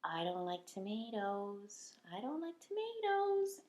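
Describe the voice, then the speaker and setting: A woman voicing a timid puppet creature who is afraid to try new food, in a squeaky, high voice. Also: very animated, takes it slowly, a little mellow, roomy sound. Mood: fearful. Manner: nervous, then gleeful.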